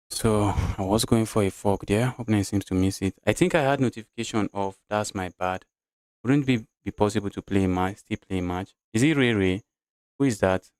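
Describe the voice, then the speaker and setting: A man's voice: lowish voice, no room sound. A man with a Nigerian English accent, streaming chess live, talking through his moves and answering his chat in a chatty way.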